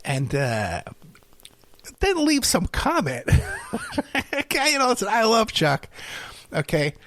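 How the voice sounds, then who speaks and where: A man's voice: high voice, wildly swooping pitch, slow, a bit bright, no echo. A middle-aged man hosting his own show, talking in a casual rambling monologue on a close mic and chuckling between stories. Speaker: podcast host.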